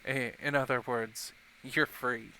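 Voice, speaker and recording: A man voicing a dignified older male dog noble who speaks calmly and gently. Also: mid-range voice, takes it slowly, slight background noise. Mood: solemn. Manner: calm, gentle, soft-spoken.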